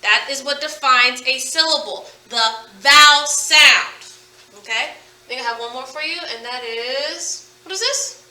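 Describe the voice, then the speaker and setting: A woman teaching a phonics lesson to children, sounding out words slowly and with emphasis. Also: high-pitched, pushed and bright, distant mic. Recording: echoey room, voice from off-mic.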